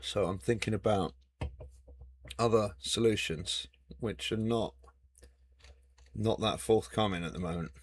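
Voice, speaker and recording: A man's voice: lowish voice, unhurried, pauses often. A man chatting casually and teasing while playing a video game, with mild swearing. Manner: joking banter with mild swearing. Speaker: gamer.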